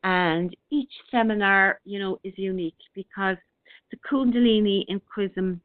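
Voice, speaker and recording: Woman, gentle unhurried radio host, tinny phone-line sound, mid-pitched. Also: no room sound. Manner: gentle, unhurried, many fillers and restarts. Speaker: radio show host reading listener comments. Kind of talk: casual spiritual talk radio.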